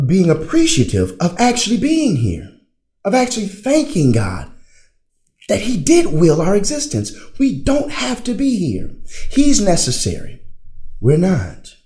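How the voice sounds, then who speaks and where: Guy teaching theology, slow and lively, keeps asking questions and answering them himself. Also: a little high. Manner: animated, rhetorical questions and answers. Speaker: religion teacher. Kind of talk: classroom-style theology talk.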